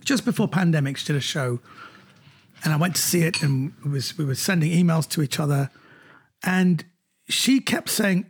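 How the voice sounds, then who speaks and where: Middle-aged comedian guy, husky and a bit high, telling stories in an interview, gets animated. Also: moderate pace. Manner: animated anecdotes, jumps higher when quoting others. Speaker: comedian guest. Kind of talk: storytelling in an interview.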